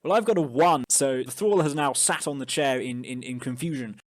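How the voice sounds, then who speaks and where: A man's voice: medium pitch, moderate pace. A man narrating a tabletop game as game master, casual and loose, with filler words.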